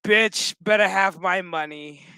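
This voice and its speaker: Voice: mid-range voice, measured pace, pushed and bright, smooth, no echo. A speaker putting on a creepy, seductive female villain queen, taunting in a sing-song way.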